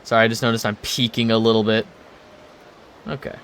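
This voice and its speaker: A man giving joking, excitable commentary while playing a video game. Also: fairly low pitch, a little fast, slight background noise. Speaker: gaming streamer. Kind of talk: let's play commentary.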